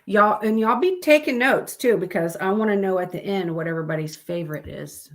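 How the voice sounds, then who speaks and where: Lady rambling on a live stream, lots of ums and restarts, mid pitch. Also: a little fast. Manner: chatty, rambling, with fillers and self-corrections. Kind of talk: casual live stream chat.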